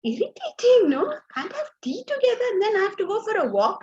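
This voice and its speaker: A woman giving a class lecture as a Vedanta teacher, lively and asking her students rhetorical questions. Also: very high-pitched, fairly quick, muffled recording.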